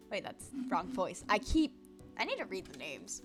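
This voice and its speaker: A woman's voice: medium pitch, big pitch swings, moderate pace. Young woman streamer, jokey and swears a lot, faint music behind. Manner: playful, swearing, trips over words. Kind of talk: casual live-stream commentary.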